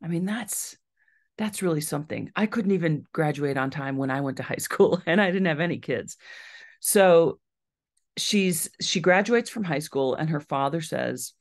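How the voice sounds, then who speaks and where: At a library event, a female author with a low-pitched voice recounts a true story at a moderate pace. She brings it to life by performing the voices of each person she quotes.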